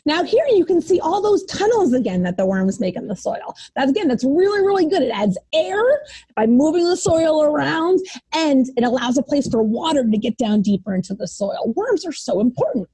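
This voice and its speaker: Animated woman teacher reading to preschoolers. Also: sits high, moderate pace. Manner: animated, exaggerated, sing-song for young children. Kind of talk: reading a picture book to preschoolers.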